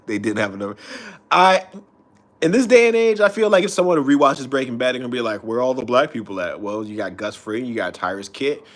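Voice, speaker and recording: Fairly quick and animated, this medium-pitched man streams a casual rant full of profanity. He rambles loosely and keeps starting his thoughts over.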